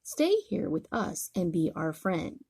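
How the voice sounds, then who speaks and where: A woman's voice: lowish voice, very animated, measured pace, vocal fry, husky, no room sound, full character voice. A woman voicing a kind, caring male zookeeper in a bedtime storybook. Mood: reassuring. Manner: gentle, reassuring.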